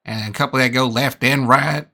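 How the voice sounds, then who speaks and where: A man doing a boisterous, foul-mouthed American race commentator with a put-on Southern drawl, bragging loud and proud. The voice rings bright and forceful, with a cocky swagger in every line. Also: medium pitch, steady tone, moderate pace. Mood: brash. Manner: boisterous, brags and swears. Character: brash loudmouth dumb American male race commentator. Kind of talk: live sim racing commentary.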